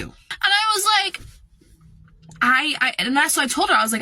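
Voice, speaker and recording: A young woman recounts a work story in a loose, chatty ramble, packed with "like" and "um." Her voice is bright and forward. The recording is dry and close, with no room sound. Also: high-pitched, very animated, normal speed, long pauses, dry recording. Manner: casual and rambling, full of fillers like "like" and "um". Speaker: retail worker. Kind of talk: storytime vlog.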